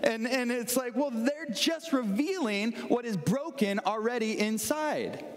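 A man with a fairly high voice delivers a sermon. He keeps it conversational and tells everyday stories. He often stops to put questions to the congregation, and his voice rings with the long reverb of a large hall. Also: expressive, measured pace. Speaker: pastor.

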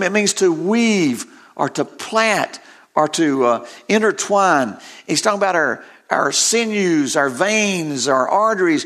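An older man preaches with a high, bright voice that rings out over the words. He reads scripture with growing intensity and hammers points home by repeating phrases. His delivery is earnest and emphatic from line to line. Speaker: pastor. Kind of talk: sermon.

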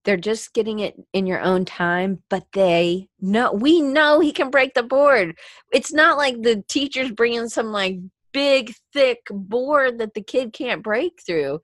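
Teary, high-voiced woman podcast host. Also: unhurried, no echo, studio quality. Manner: rambling with restarts and filler words. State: teary, crying. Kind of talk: emotional motivational monologue.

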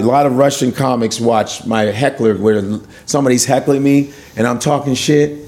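A male stand-up comedian telling stories in casual chat, animated and profane, acting out the voices of the people in his stories. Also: medium pitch, vocal fry. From United States.

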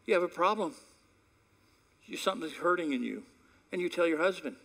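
A male pastor delivering a sermon with a somewhat high voice that rises and falls a lot. He talks in a conversational storytelling way, then jumps to loud peaks or drops to hushed asides. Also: animated, fairly quick, creaky.

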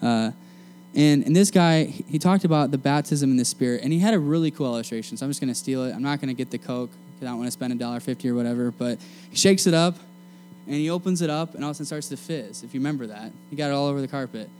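Casual young male preacher, mellow voice. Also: medium pitch, quick pace, a little hiss or hum. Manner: casual and energetic, slangy preaching. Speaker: student preacher. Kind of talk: sermon. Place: meeting room.

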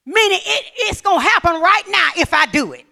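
A woman preacher delivering a sermon, reading scripture and building to shouted calls to the congregation. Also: very high voice, expressive, a little fast, gravelly.

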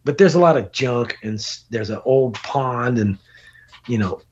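Husky man telling a rowdy story. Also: medium pitch, a little slow. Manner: animated, swearing, laughing while telling a road story. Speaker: podcast guest. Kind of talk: casual storytelling. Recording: dull lo-fi podcast audio.

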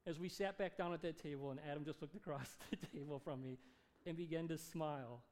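Pastor guy preaching, telling a story, fairly high voice, acts out the dialogue. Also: fairly quick. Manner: animated, acts out dialogue in his stories. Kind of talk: sermon storytelling.

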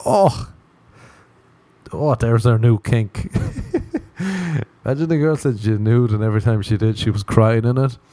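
A man's voice: lowish voice, fairly even intonation, moderate pace, warm tone. A man hosting a podcast, rambling through a crude comic monologue, mocking himself and laughing at his own jokes. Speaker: podcast host.

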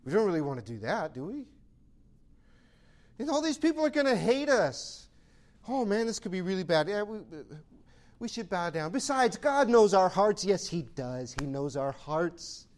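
A preacher doing a timid, self-excusing believer. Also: male voice, sits high, very animated, normal speed. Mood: rationalizing. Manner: rationalizing, hesitant, self-excusing. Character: timid male believer talking himself into compromise.

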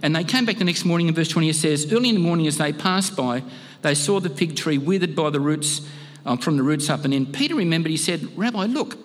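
Preacher in reverberant hall. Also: male voice, fairly high pitch, lively intonation, quick pace. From Australia. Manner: conversational, earnest, with frequent restarts. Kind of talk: sermon. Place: church hall.

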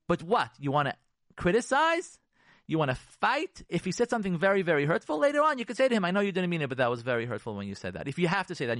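A man's voice: sits high, fairly bright tone, no room sound, studio quality. A man, a rabbi, giving an emphatic radio talk on marriage. He repeats key phrases for force and drops Hebrew and Yiddish terms. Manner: emphatic and repetitive, preacherly.

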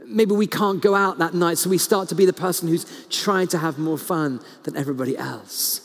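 A male pastor preaching a sermon, telling stories earnestly and slowing down to stress key words. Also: a little high. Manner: earnest storytelling, slows down for emphasis, frequent restarts. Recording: long hall reverb.

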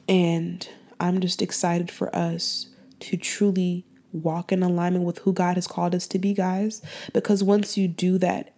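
A woman's voice: lowish voice, dark tone. Earnest young woman hosting a faith podcast. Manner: earnest, heartfelt, rambling with restarts. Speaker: podcast host. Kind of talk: faith-based podcast monologue.

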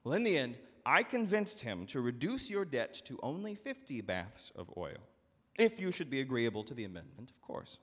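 A man voicing a scheming steward with hurried, eager salesman patter, in a long church reverb. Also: medium pitch, big pitch swings, fairly bright tone, pitched above the performer's own voice. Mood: smooth-talking. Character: slick scheming male steward, fast-talking.

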